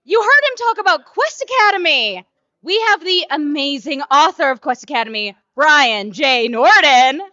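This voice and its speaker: A woman with a very high, bright voice co-hosts a casual chat and guides the conversation enthusiastically. She laughs easily between questions. The sound is dry and a little dull. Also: animated, normal speed, no echo. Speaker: co-host.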